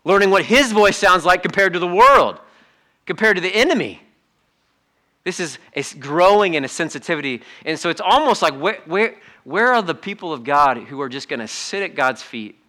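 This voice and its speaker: Delivering a sermon in the sanctuary, this middle-aged pastor has a forceful, bright voice sitting slightly high. His talk to the congregation is animated and conversational, broken up by brief acted-out asides.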